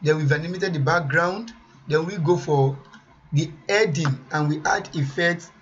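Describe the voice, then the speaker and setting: A man presenting a software tutorial, thinking aloud as he weighs each option and often repeats himself. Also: fairly high pitch, moderate pace, muffled recording. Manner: muses aloud over choices, repeats himself.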